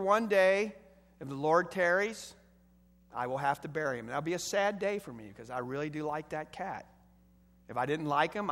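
A middle-aged man preaches from the pulpit, his voice pitched high and carrying with emphatic force. His sermon rises into loud, stressed bursts. The sound rings with long reverb, as in a large church hall. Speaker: pastor.

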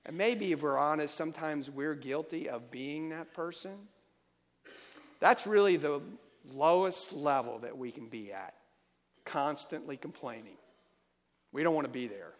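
A male pastor delivers a sermon with a fairly high voice. He talks directly to the congregation with emphatic stresses. His voice trails into a long church reverb. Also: unhurried. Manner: emphatic, calls for amens. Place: church sanctuary.

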